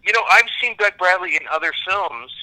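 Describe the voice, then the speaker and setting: An American man from Kansas, an actor, chatting casually in an interview in a rambling, animated, self-deprecating way. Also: high voice, a little fast, rough recording. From Kansas, United States. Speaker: actor guest.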